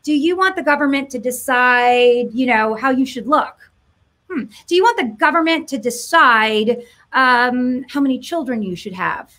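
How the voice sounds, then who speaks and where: A woman's voice: sits high, normal speed, fairly bright tone. A woman giving an impassioned monologue to camera, mocking, firing rhetorical questions and doing voices. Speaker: political commentator.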